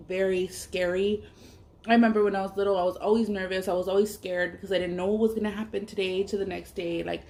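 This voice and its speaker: A woman and mother telling a personal story while eating on camera, talking in a blunt, emphatic way, swearing freely and speaking openly about her feelings. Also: mid-range voice. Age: adult parent. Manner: candid and emotional. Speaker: mukbang vlogger.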